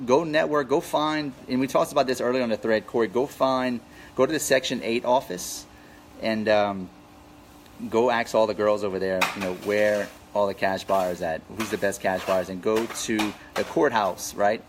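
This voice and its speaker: A man's voice: lowish voice, fairly even intonation, moderate pace, slight background noise, poor audio. A man coaching real estate wholesalers in a live Q&A, talking energetically and repeating his key points for emphasis. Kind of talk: live Q&A with viewers.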